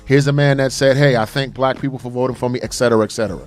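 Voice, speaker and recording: A man's voice: medium pitch, steady tone, rapid-fire, soft background music. A man co-hosting a casual call-in radio talk show, speaking in an earnest, emphatic way. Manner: earnest, emphatic, says "brother". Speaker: co-host.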